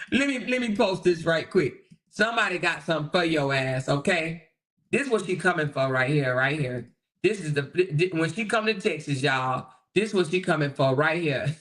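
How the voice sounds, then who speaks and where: A woman's voice: on the low side, fairly bright tone. A woman hosting a livestream, ranting combatively at her viewers and swearing heavily. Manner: brash, combative, heavy swearing; addresses viewers directly with repeated "okay?". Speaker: livestream host. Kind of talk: profane live-stream rant.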